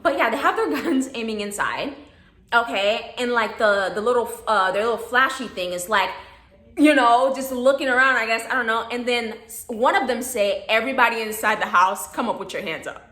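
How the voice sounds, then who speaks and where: A young woman telling a casual storytime in a chatty, animated way, acting out quotes. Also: on the high side, normal speed. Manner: animated, chatty, laughs often, acts out quotes. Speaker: vlogger. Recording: echoey room.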